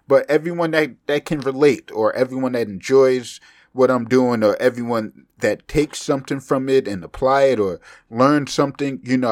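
With a voice on the low side, this young podcast host rambles through a casual solo episode, swearing freely and poking fun at himself despite a slight speech impediment. The studio sound is clean, with no room sound at all.

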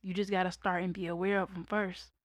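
A young woman candidly telling a personal story in a casual monologue, raw and conversational, breaking into loud laughter. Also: on the low side, flat delivery, fairly quick, no room sound. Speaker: vlogger.

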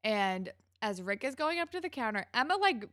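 A woman's voice: on the high side, big pitch swings, moderate pace, a bit bright, no echo, clean studio sound. A woman co-hosting a podcast, retelling a TV episode in casual chat and acting out the characters' lines. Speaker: podcast co-host.

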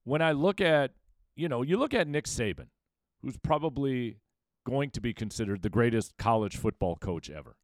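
A man hosting his own sports podcast, riding a lively, swinging pitch as he argues his takes with conviction. His emphatic delivery leans on rhetorical questions aimed straight at the audience. The sound is close and dry, with almost no room around it. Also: dry recording. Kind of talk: solo sports opinion commentary.

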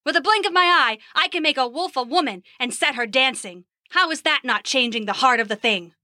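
A woman voicing a blustering, quick-tempered old male god in a storybook podcast, roaring and boastful. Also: high voice, animated, sharp tone, dry recording, studio quality, heavily acted.

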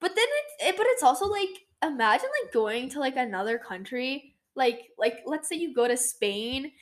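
A teenage woman co-hosting a podcast in casual chat, talking fast with lots of fillers and restarts. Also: high-pitched, very animated. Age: teens. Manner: chatty, many "like" fillers and restarts. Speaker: podcast co-host.

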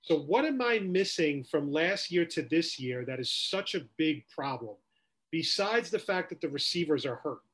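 A man's voice: a little high, moderate pace, husky. Ranting male sports podcast host. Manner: animated, ranting, rhetorical questions. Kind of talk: casual sports talk.

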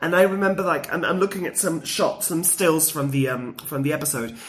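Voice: medium pitch, brisk. Enthusiastic rambling podcast co-host. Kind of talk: casual chat.

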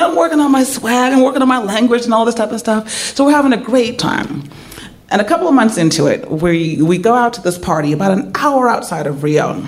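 A woman telling a personal story live on stage, in an animated way, laughing often. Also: fairly low pitch.

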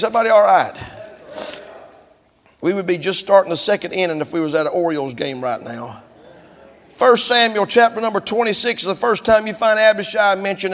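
A man preaching a sermon, telling stories in a folksy way and building up to shouting. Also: high voice, in a large hall.

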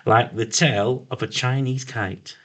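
A man's voice: medium pitch, fairly even intonation, unhurried. A man co-hosting a casual chat, reading out an account with frequent stumbles and self-corrections. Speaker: podcast co-host reading the story. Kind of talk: casual banter, reading out notes.

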